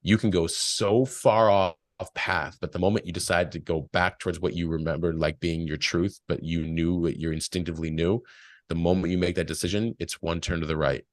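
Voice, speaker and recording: A man's voice: low voice, fairly even intonation, a little fast, dry recording. A man talking casually and reflectively as a podcast guest, telling stories with quoted voices. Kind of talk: casual spiritual talk.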